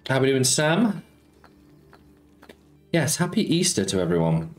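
A man's voice: medium pitch, sing-song, unhurried, faint music behind. A man streaming casino slots, chatting casually and greeting viewers by name as he banters about football. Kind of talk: casual live-stream chat.

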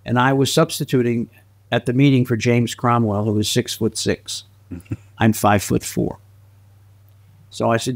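Lively storytelling man in an interview. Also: medium pitch, unhurried, gravelly, long pauses. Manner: lively anecdotal storyteller who slips into voices and laughs often. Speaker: guest actor and filmmaker.

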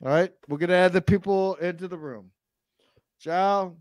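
A man's voice: high-pitched, steady tone, normal speed, dry recording, studio quality. A man hosting a call-in stream, drunk and crude, egging his callers on. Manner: loud, crude, drunken banter. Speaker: show host. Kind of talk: rowdy live call-in stream.

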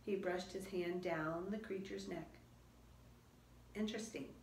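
Woman reading a storybook aloud, slow and expressive. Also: lowish voice, a little hiss or hum. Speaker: children's book reader. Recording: roomy echo.

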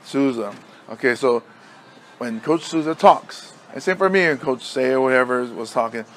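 Over a little hiss or hum, a middle-aged man from Hawaii, a podcast co-host and high school football coach, chats casually in a mid-range voice. His intonation is lively and his speed normal. He rambles and laughs through coaching stories, loudly voicing exasperated coach lines.

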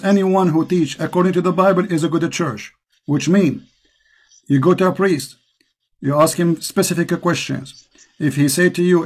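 Impassioned Arabic-accented male preacher. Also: fairly high pitch. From Middle East. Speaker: host. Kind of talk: preaching to a caller.

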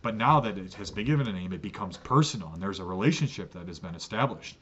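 Earnest pastor teaching a catechism class. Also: male voice, deep voice, expressive, quick pace, fairly bright tone, lo-fi sound, a little hiss or hum. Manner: earnest, repeats words when restarting. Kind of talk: church catechism lesson.

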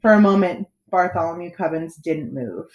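A woman teacher reading a children's storybook aloud with expressive, animated storytelling. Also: fairly low pitch, normal speed, roomy sound, muffled recording.

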